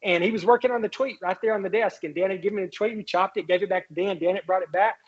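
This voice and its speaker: A man, a guest on an interview show, telling a long anecdote in an animated way, quoting others and restarting sentences. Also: sits high, quick pace, slightly rough, dull audio. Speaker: guest, congressman and former White House doctor. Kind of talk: storytelling in an interview.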